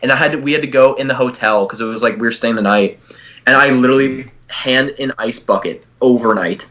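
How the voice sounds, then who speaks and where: A man's voice: mid-range voice, brisk, a bit bright. A young man co-hosting a comedy podcast. He talks casually, swears freely and keeps breaking into laughter as he tells a story. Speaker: podcast co-host. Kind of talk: casual chat.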